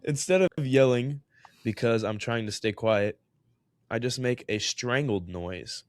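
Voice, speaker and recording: A young man co-hosts a podcast, telling a story with lively energy and breaking into laughter often. His voice sits at a middle pitch and is recorded close and dry, with no room around it. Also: measured pace, dry recording. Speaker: podcast co-host. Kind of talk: casual chat, reading a story aloud.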